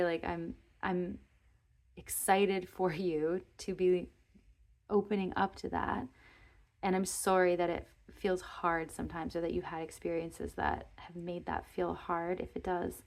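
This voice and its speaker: Gentle earnest woman with slight vocal fry. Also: fairly low pitch. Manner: gentle, earnest, rambling with many restarts. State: emotional, near tears. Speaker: tarot reader. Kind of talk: intimate tarot reading talk to viewers.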